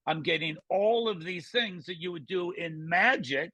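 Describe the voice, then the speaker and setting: A man being interviewed as a guest magician, talking in quick, punchy showman patter with frequent restarts. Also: high voice, bright, forceful tone, dry recording. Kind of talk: casual interview chat.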